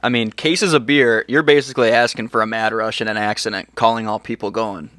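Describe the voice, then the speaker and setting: A man's voice: lowish voice, fairly even intonation, fairly quick, a bit bright, no room sound. A man co-hosting a casual basement podcast, easygoing as he reads out posts. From Wisconsin. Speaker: podcast co-host. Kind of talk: casual chat. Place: home basement.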